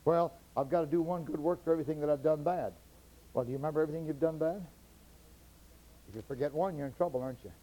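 A man with a higher-pitched voice preaches a sermon to his congregation, talking fast on a rough recording. He alternates between quiet teaching and loud, fervent stretches where he draws out key words.

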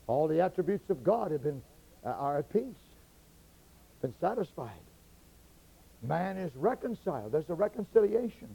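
A man preaching a sermon to his congregation, moving between quiet teaching and loud, fervent passages where he stretches key words. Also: on the high side, gravelly, breathy edge, muffled recording.

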